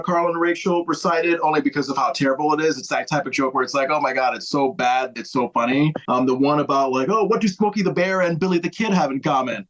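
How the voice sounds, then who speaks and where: Guy cohosting a podcast, kinda high voice, animated casual chat. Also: poor audio. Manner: animated, jumps high in pitch when quoting. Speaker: podcast co-host.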